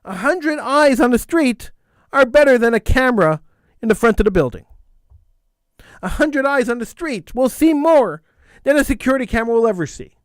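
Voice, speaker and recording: A man's voice: very high-pitched, expressive, moderate pace, no room sound. A man hosting a call-in show, telling a story in a blunt, opinionated way and repeating phrases for emphasis. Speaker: talk show host. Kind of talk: call-in radio monologue.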